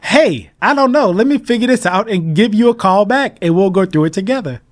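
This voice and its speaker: A man being interviewed as a mortgage broker, talking in an animated, emphatic way and acting out his phone calls. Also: high-pitched, a little fast. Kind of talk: casual interview talk.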